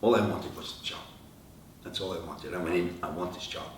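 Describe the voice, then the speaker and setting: Deep-voiced man telling stories, echoey room. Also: fairly quick. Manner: animated anecdotes, acting out quoted dialogue. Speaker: rock singer, interview guest. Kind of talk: storytelling interview answers. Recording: echoey room, from far off, faint noise.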